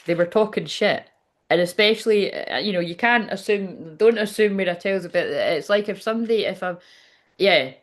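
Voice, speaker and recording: A woman's voice: medium pitch, moderate pace. A woman giving a casual, chatty tarot reading, swearing freely, laughing often and trailing off mid-sentence. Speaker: tarot reader.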